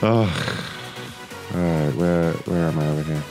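A man's voice: rumbling low, a little slow, over music. A young man making prank phone calls, laughing a lot and talking crudely with a mocking manner. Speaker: prank caller. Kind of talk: prank phone call, casual commentary.

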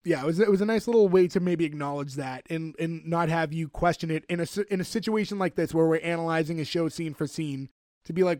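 Chatty man with a slightly high voice. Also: quick pace, no echo, studio quality. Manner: animated storyteller, rambling with fillers. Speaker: podcast co-host recapping a show. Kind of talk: casual chat.

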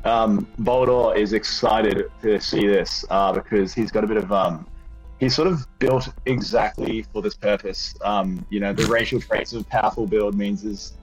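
A man playing a tabletop game, speaking hesitantly with many pauses. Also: on the low side, fairly even intonation, husky, soft background music, rough recording. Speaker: player. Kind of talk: tabletop role-play.

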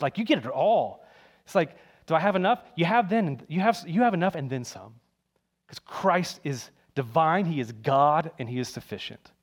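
A man preaching a sermon in an emphatic, conversational way, repeating key phrases. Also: a little high.

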